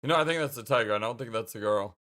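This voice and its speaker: A woman's voice: rumbling low, rapid-fire, a bit bright, slight background noise. A woman doing casual let's-play commentary, chatty and thinking aloud.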